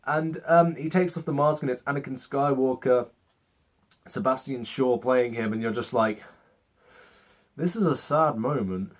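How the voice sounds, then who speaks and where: A young man talks through a film in a loose, casual review, at an ordinary middle pitch. His tone is sarcastic and he swears now and then. He often slips into mock voices to act out scenes. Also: a little slow, pauses often. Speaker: movie reviewer. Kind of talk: casual spoken movie review.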